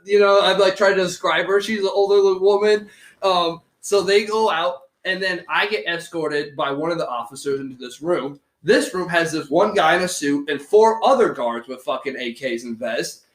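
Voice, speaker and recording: Guy rambling through a story on his podcast, kinda high voice, swears a lot, echoey room. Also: moderate pace. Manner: animated, rambling, lots of filler and swearing. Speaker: podcast host. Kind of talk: casual storytelling chat.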